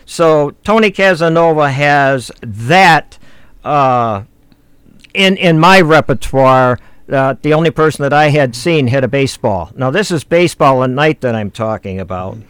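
A man's voice: medium pitch, animated, measured pace, fairly bright tone, clean tone, no echo. A man, hosting and telling folksy baseball stories with fillers. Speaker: host. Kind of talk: reminiscing talk show chat.

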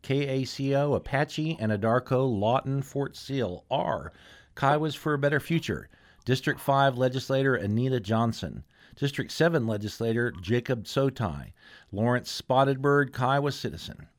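A man hosts a local radio talk show in an easygoing, mid-pitched voice. He reads through a list of sponsors and chats with callers, stumbling into small restarts along the way. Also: lively intonation, moderate pace. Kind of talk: casual radio hosting.

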